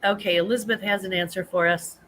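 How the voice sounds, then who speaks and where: A woman's voice: mid-range voice, steady tone, fast talker, a bit bright, slight background noise, poor audio. A woman, hosting a casual live-stream chat, rambling with many ums and restarts. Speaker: host of a live reselling chat show.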